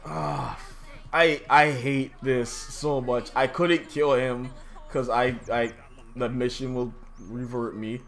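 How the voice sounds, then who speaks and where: A young man streaming a game live, chatting casually and breaking into loud, swearing, exasperated outbursts. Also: medium pitch. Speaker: gaming livestreamer. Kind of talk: live gameplay commentary.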